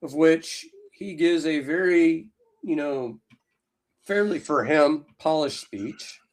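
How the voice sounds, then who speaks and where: A man's voice: on the high side, slow. A man co-hosting a podcast in casual chat, rambling and full of fillers, with a Southern US accent. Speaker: podcast co-host.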